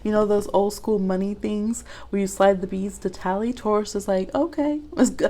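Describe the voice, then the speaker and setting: A woman hosting a live-streamed reading, talking casually and animatedly, laughing often and jumping high in pitch as she tells stories. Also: level tone, normal speed, warm tone. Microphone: phone app live stream.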